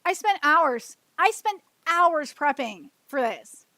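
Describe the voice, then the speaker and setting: A woman's voice: high-pitched, big pitch swings, takes it slowly, bright, forceful tone, dry recording. A woman streaming alone, venting emotionally and with frustration, repeating herself and swearing. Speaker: streamer hosting her own show. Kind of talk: solo livestream venting.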